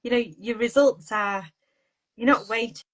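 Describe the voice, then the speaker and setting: A woman's voice: a little high, normal speed, poor audio. A woman being interviewed as a podcast guest, talking in a bubbly way and laughing often. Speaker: podcast guest, garden designer. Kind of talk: casual chat.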